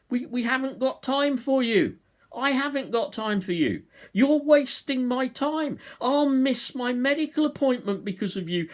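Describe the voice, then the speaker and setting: A man voicing an impatient, pushy man who shouts at others in a queue, loud and hectoring. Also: extremely high pitch, voice pushed up.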